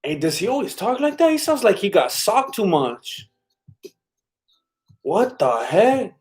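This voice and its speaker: A man's voice: high-pitched, very animated, normal speed, darkish tone. A man hosting a live stream in casual chat, rambling and laid-back as he reacts to viewer comments. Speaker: livestream host.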